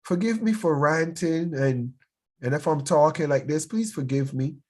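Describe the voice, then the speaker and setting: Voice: medium pitch, moderate pace, a little mellow. A bishop teaching a youth class in an urgent, sermon-like way, repeating words as they press each point.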